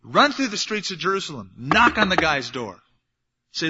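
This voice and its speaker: A man's voice: fairly high pitch, very animated, moderate pace, bright, forceful tone, breathy edge, in a large hall. A man preaching a sermon, telling stories and acting out little scenes to make his point. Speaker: pastor. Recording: dull lo-fi sermon recording.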